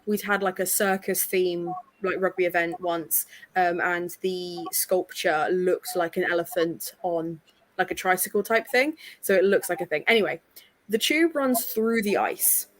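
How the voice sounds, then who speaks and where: A woman's voice: fairly low pitch, a little slow. English woman, co-host, playful storyteller on a video call. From England. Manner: chatty storyteller, playful teasing. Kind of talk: casual chat.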